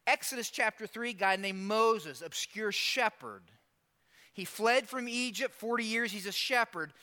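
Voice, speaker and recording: A man preaching a sermon, lively, acting out Bible characters in quick asides. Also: high-pitched. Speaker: pastor.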